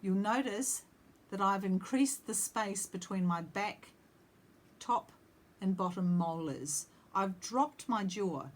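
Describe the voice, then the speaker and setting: A woman's voice: medium pitch, animated, slow, a little hiss or hum. A woman singing teacher explaining vowel shapes, breaking off to sing short demonstration vowels. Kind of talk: vocal lesson with sung demonstrations.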